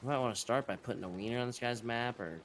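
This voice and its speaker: A man's voice: medium pitch, quick pace, noisy background. Laid-back man in casual gaming banter. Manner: relaxed, profane banter while planning pranks. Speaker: streamer.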